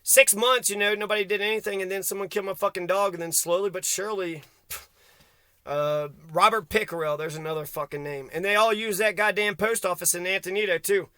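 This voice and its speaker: A man from Kentucky vents in an agitated, profanity-laced rant, jumping from thought to thought. His voice sits high and sounds sharp and tense. The sound is dry and close, with little room around it. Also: a little fast, clear, resonant tone, dry recording. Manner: agitated, swearing constantly, rambling. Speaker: vlogger. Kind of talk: angry profane rant to camera.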